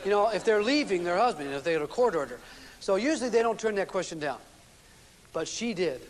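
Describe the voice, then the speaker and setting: A man with a high, light voice delivers a relationship seminar to a live audience. He tells folksy stories, restarting his sentences often, and his words trail into a long hall reverb. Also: lively intonation, a little fast. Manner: folksy storytelling with frequent restarts and fillers. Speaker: seminar speaker. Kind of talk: relationship seminar lecture with anecdotes.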